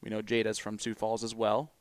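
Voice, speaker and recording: A man's voice: on the low side, completely flat delivery, brisk. Guy commentating darts, talky, explains stuff, bit of hiss in the background. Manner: chatty, explanatory, runs through figures. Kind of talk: live sports commentary.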